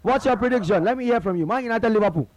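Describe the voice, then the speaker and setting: A man's voice: sits high, expressive. A man with a Nigerian accent hosting a call-in sports radio show, upbeat and chatty. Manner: upbeat, drawn-out greetings, chatty. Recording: radio broadcast with faint music.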